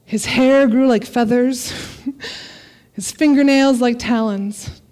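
Female preacher, high voice, expressive scripture reading, parent. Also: takes it slowly. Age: adult parent. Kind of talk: sermon.

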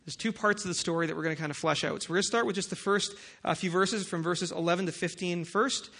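A man preaching a sermon as pastor, opening with a soft, lowered prayer and moving into a casual, conversational Bible talk. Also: quick pace, vocal fry.

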